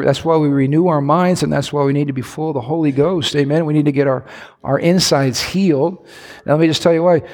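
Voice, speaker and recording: A man's voice: fairly high pitch, darkish tone. A male pastor preaching a sermon in a church, conversational with asides and restarts. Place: church sanctuary. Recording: long hall reverb.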